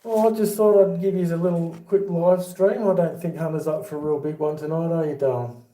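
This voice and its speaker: A man's voice: a little high, fairly even intonation, brisk, warm tone, a little hiss or hum. Chatty Australian man yarning in an echoey room. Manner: chatty, laughs through his own yarns. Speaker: livestream host. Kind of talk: casual storytelling livestream. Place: home with boxed-up rooms.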